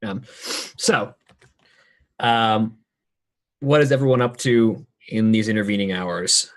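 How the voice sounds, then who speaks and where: A man narrating as game master, pausing often with ums and restarts. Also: fairly low pitch, fairly even intonation. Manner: halting, filled with ums and restarts.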